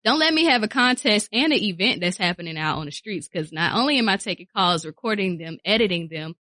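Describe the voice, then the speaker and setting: A woman radio personality talking casually in a studio interview, lively and repeating phrases for emphasis. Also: medium pitch, fast, no echo. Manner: animated, acts out quoted voices, repeats phrases for emphasis.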